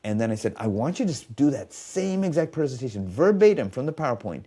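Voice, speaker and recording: A man's voice: mid-range voice, big pitch swings, quick pace, mellow, slightly rough. A man telling stories in a podcast conversation as a biofeedback specialist, acting out quoted dialogue.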